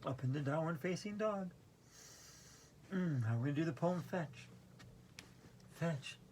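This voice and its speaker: A woman's voice: low voice, animated, moderate pace, darkish tone, a little hiss or hum. A woman teaching a playful yoga routine, giggling often between her cues. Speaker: yoga instructor. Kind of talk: playful guided yoga class.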